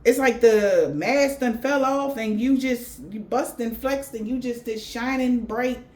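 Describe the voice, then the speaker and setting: A woman's voice: on the high side, a little slow, a little mellow. A woman giving a spiritual reading in blunt, profane slang. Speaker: tarot reader.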